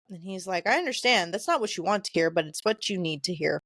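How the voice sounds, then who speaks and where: A woman on a podcast, reading quoted lines from a novel in a plain, conversational voice and stumbling now and then over hard names. Her voice sits at a middle pitch. The sound is dry and close. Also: animated, fairly quick, hardly any pauses, a bit bright, no room sound. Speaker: podcast co-host. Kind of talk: casual book discussion, reading passages aloud.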